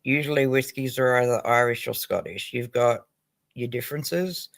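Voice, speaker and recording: An Australian man chats loosely on his livestream, swearing freely and laughing between stories. His voice has a gravelly rasp, sits at an ordinary pitch, and sounds dry and close to the mic. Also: normal speed, a bit bright, no room sound. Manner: crude, swearing, laughing often. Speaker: livestream host. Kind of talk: casual livestream chat.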